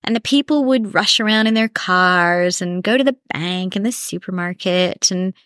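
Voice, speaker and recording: A woman speaking as a podcast guest, telling a personal story in a candid, animated way. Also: lowish voice, normal speed, dry recording, clean studio sound. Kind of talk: emotional personal conversation.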